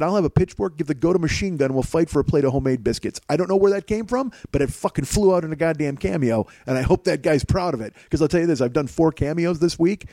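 Man, podcast host, casual rambling monologue, lots of swearing, self-mocking, slightly high voice, dry sound, home kitchen. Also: darkish tone, no room sound.

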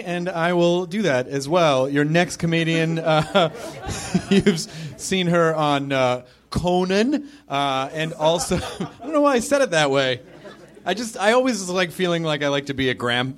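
A man hosting a comedy show, introducing the next act with halting, rambling asides. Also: on the high side.

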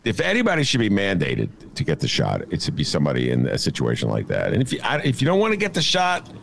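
This podcast host has a deep, gravelly voice and talks quickly from his apartment. He rambles in a casual, animated way, telling stories and riffing on the news with plenty of fillers.

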